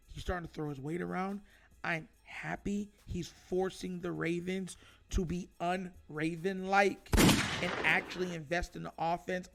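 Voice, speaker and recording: Male host, high voice, emphatic and animated sports rant, faint music underneath. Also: creaky. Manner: animated and emphatic, addresses viewers as y'all. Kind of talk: sports opinion monologue.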